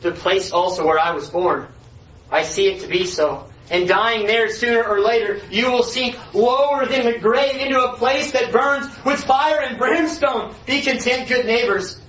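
A man's voice: extremely high pitch, moderate pace, fairly bright tone, pitched above the performer's own voice. A man voicing a burdened, frightened pilgrim in earnest, old-fashioned speech. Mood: pleading. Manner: earnest archaic reading. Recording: echoey room, voice far from mic, dull lo-fi.

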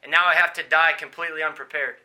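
Male preacher, high and very bright voice, dramatic swings between hushed and shouted delivery. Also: fairly even intonation, quick pace. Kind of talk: sermon.

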